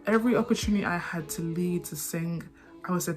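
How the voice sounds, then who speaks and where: A young woman with a lowish voice tells her own story quickly, doubling back and repeating words as she goes. Soft music plays faintly behind her. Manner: fast talker who repeats and trips over words. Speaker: vlogger. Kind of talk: personal storytelling to camera. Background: faint background music.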